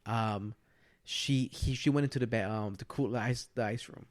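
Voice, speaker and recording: A young man talking casually on a podcast at an everyday middle pitch. He rambles through a long story in a loose, conversational way, slipping into quick impressions of the people in it. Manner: rambling storyteller who acts out other people's lines. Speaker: podcast co-host.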